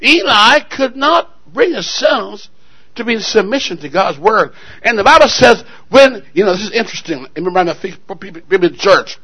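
A man's voice: high-pitched, big pitch swings, normal speed, sharp tone, slightly rough. A male pastor preaching a sermon, telling a story dramatically and calling out to the congregation. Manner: dramatic storytelling, call-and-response.

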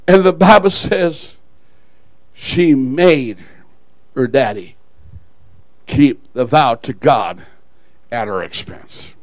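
A male pastor preaching a sermon in an animated way, shouting at some points, dropping low at others and chuckling at his own asides. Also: slow, long pauses, dry recording, rough recording.

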